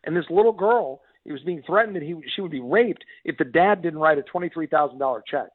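A man's voice: a little high, lively intonation, fast, dry recording. A fiery, emphatic man from Texas calls in to a radio show, trips over his words and starts sentences again. His voice comes through a tinny, narrow phone line with no room sound at all. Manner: fiery, emphatic, many restarts. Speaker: congressman guest.

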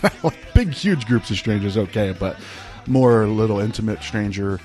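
A man's voice: lowish voice, animated, normal speed, a little mellow. A man telling a personal story in a casual, rambling way, full of "like" and "right?". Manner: rambling, laid-back, peppered with "like" and "right?".

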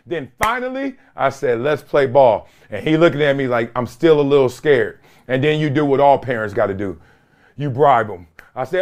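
A middle-aged man hosts a solo podcast, telling a story emphatically and casually, using slang and repeating phrases. His voice is slightly high with big pitch swings, and he talks fairly quickly.

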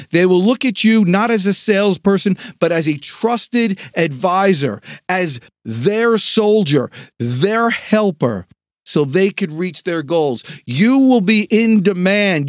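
A man hosting a sales podcast, delivering an energetic motivational pep talk with dramatic pauses. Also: high-pitched, dry recording, studio quality. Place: home studio.

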